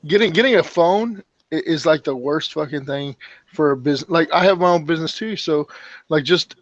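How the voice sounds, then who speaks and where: Higher-pitched guy cussing and laughing, muffled dry lo-fi mic. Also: no room sound. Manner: profane, quick to laugh. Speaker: podcast guest, business owner. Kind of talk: casual chat.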